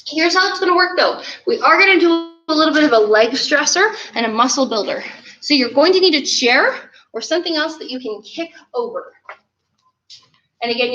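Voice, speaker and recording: A high-voiced woman leads a martial arts class, coaching and counting out each rep. She is heard on a camera mic from across a roomy space, with a dull, lo-fi sound. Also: recorded from a distance. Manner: upbeat, coaching, counts reps aloud. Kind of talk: online class instruction. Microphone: camera mic from a distance.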